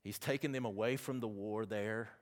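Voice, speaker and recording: A man's voice: lowish voice, steady tone, moderate pace. A man with a Southern accent preaching a sermon, chatty and folksy, with asides between the scripture readings.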